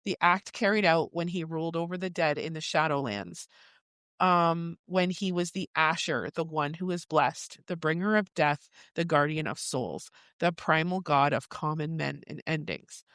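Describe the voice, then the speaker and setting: A woman's voice: deep voice, moderate pace, a bit bright, no room sound. A woman co-hosting a book podcast, summarizing chapters casually with quoted asides and the odd swear word. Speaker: podcast co-host.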